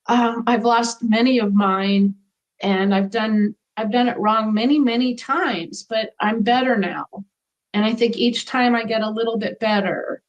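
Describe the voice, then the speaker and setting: A middle-aged woman, appearing as a guest in an interview, reflects earnestly and conversationally on her own experiences. Her voice is pitched slightly above the typical woman's, and she keeps a steady, somewhat slow delivery. The recording has its high frequencies cut off.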